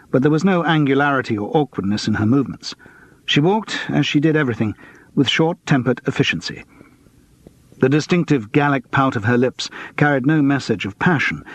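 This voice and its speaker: A man narrating a mystery audiobook in a measured, even storytelling manner. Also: mid-range voice, no room sound.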